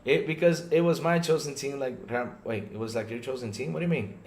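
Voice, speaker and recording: A man hosting a casual gaming podcast stream, animated and talking straight to his viewers, often checking in with "right?". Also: medium pitch, fairly quick, reverberant. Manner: animated, talks to chat viewers, lots of "right?" and restarts. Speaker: podcast host. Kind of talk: casual livestream podcast chat.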